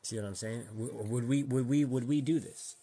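Husky-voiced man ranting casually. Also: mid-range voice, moderate pace, dark tone. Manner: slangy, repetitive, rhetorical questions to the audience. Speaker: vlogger. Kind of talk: casual rant to viewers.

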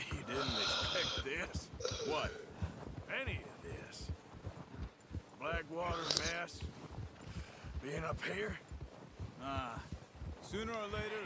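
An actor playing a weathered Old West outlaw who talks in a slow, plainspoken drawl. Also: male voice, on the high side, heavy background noise. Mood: reflective. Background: loud game music.

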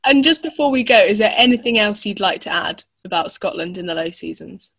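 A woman hosting a travel podcast, upbeat and quick to laugh and agree with her guest. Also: medium pitch, expressive, fairly bright tone, husky. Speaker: podcast host. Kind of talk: casual interview chat.

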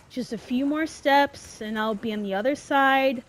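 A young adult woman with a high-pitched voice at normal speed plays a horror game as a let's play gamer. She swears often and reacts dramatically to every scare as she comments.

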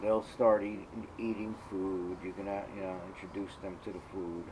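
A man's voice: low-pitched, flat delivery, normal speed, background noise. A man filming his cats at home, chatting casually and cooing doting baby talk at his pets between rambling asides. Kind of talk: casual home video chat.

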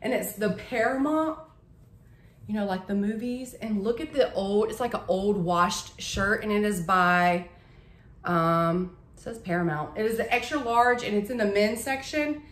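A woman's voice: medium pitch, measured pace, roomy sound. A young woman, chatting eagerly to camera about her shopping haul, gushing over each item. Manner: gushing, chatty, says "y'all" a lot. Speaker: vlogger. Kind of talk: casual haul chat to camera. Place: home living room.

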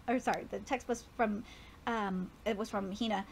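Excitable woman streamer, high lively voice, casual swearing, home-mic hiss. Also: moderate pace, gravelly. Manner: excitable, swears casually, stumbles over words. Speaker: streamer reading a manga aloud. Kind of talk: live reaction and read-aloud.

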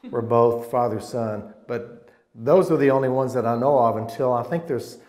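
Reminiscing about college football, a man in his sixties speaks fairly quickly and loosely, often breaking off to restart and getting lively at the highlights. An alum guest in a casual interview, he has an ordinary middle pitch and a clearly roomy echo.

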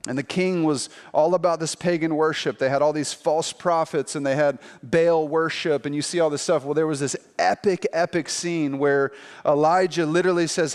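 A man preaching as a pastor, telling a scripture story in a lively, conversational way and acting out the quotes. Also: a little high, normal speed, clear, resonant tone, long reverb tail. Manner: animated storytelling, acts out quotes in playful voices. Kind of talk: sermon.

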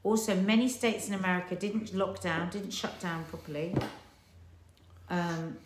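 A woman's voice: lowish voice, steady tone, unhurried, echoey room, slight background noise. A woman with a South London accent co-hosting a casual family livestream, chatty and teasing. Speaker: co-host.

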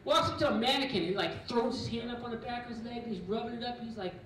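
A middle-aged man doing a stand-up comedy set on a club stage, loud and bantering as he acts out characters. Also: very high voice, fast, recorded from a distance, a little hiss or hum. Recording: echoey club recording from afar. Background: audience laughter.

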